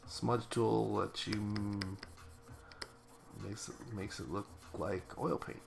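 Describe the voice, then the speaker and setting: A man with a deep, heavily gravelly voice talks himself through a digital painting. He rambles in a relaxed way and restarts his sentences often. A faint hiss of noise sits under the recording. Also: slow. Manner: rambling, casual, self-correcting. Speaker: digital artist. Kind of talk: thinking aloud while painting.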